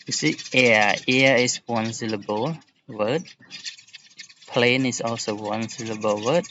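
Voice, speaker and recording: A man teaching an English lesson, explaining word rules slowly and patiently with examples. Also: medium pitch, fairly bright tone, muffled recording, a little hiss or hum. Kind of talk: recorded classroom lesson.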